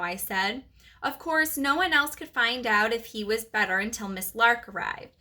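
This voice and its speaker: A preschool teacher reading a chapter book aloud to her class, animated and expressive. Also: fairly high pitch, moderate pace.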